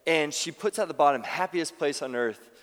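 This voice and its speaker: A man preaching a sermon as pastor, talking conversationally and telling stories with quick restarts. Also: on the high side, in a large hall. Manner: conversational, animated storytelling with restarts. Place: church sanctuary.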